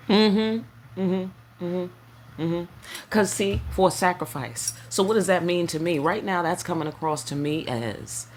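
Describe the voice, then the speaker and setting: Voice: mid-range voice, a little hiss or hum. Emphatic tarot reader, preacherly and slangy. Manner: emphatic and repetitive, checking in with listeners; slang-laced, preacherly delivery. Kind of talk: casual spiritual tarot reading.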